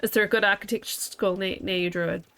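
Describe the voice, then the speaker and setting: A woman with a New Zealand accent streams a game and chats casually with her viewers, laughing often and talking both to chat and to herself. Her mid-range voice is fairly bright, with fairly even intonation and a quick pace.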